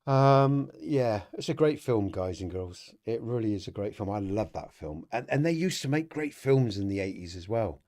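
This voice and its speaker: Middle-aged guy hosting a chill stream, rambles and laughs, mellow low voice. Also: animated, moderate pace, few pauses. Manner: rambling, chatty, laughs often, talks to viewers in chat. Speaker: podcast host. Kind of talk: casual livestream chat.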